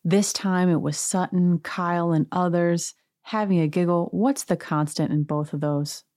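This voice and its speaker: Woman podcast host with a lowish voice, gossipy and wry, dry close recording. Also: steady tone, a little slow, warm tone, dry recording. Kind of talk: casual reality-TV recap.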